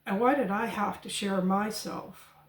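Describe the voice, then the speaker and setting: A woman's voice: medium pitch, steady tone, measured pace. Indignant woman telling a story, echoey room. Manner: indignant, quotes others in mock voices. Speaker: spiritual channel host. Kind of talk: personal storytelling monologue.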